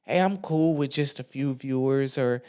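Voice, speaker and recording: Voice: mid-range voice, normal speed, darkish tone, clear, resonant tone. A podcast host giving a candid, emotional, colloquial monologue into a microphone, with frequent restarts. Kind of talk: casual heartfelt monologue. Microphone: studio microphone.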